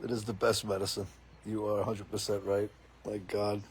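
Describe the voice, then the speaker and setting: On an outdoor porch, a middle-aged man hosts a casual live chat, reading out viewer comments and laughing a lot in an amused, talkative way. His husky voice sits on the low side with little pitch movement, at a moderate pace.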